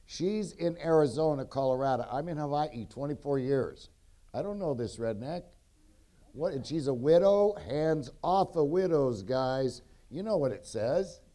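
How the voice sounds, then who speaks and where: A man's voice: fairly high pitch, animated, unhurried, dark tone. A man telling his testimony on a convention stage, jokey and blunt, often cutting in with asides. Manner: jokey, keeps interrupting, blunt and rowdy. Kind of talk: rambling storytelling testimony. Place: convention stage before an audience.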